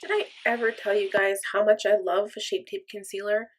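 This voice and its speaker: A woman's voice: mid-range voice, level tone, moderate pace, slight background noise. A young woman chatting through a makeup tutorial in an upbeat, chatty, self-deprecating way. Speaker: makeup vlogger. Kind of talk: casual makeup tutorial chat.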